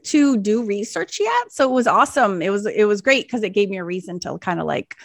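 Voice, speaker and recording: A woman in her forties, co-hosting a podcast in casual chat, talking in an animated, rambling way with frequent laughs. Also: medium pitch, a little fast, no room sound, clean studio sound. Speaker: podcast co-host.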